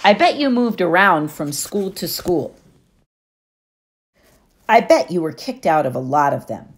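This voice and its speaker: A woman narrator plays a clever, self-assured teenage girl in an audiobook. She explains with patient certainty and lively, rising pitch. Her tone stays low-set and even. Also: unhurried. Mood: knowing. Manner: knowing and explanatory.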